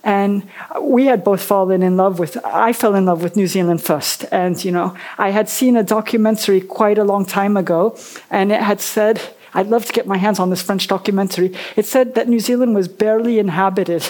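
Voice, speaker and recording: A woman's voice: medium pitch, steady tone, normal speed, darkish tone. A woman in her fifties, an author and a guest on a book festival stage, telling her story in a chatty, rambling way. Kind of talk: casual on-stage interview.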